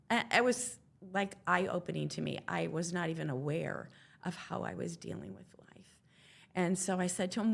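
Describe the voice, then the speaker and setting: A woman's voice: on the low side, moderate pace, vocal fry. An older woman, a guest on an interview podcast, telling her own story in an earnest, reflective way and quoting past conversations.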